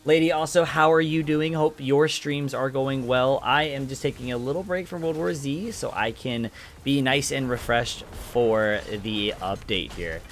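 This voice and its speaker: Speaking at a measured pace in a mid-range voice, an esports caster and streamer gives lively play-by-play of a video game. He chats with viewers as he goes, and big moments make his voice crack upward.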